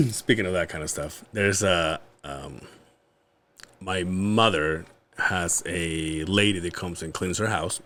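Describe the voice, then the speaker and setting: A man's voice: sits low, slow, fairly bright tone. A man guest on a comedy podcast, chatting casually and telling raunchy jokes with frequent laughter.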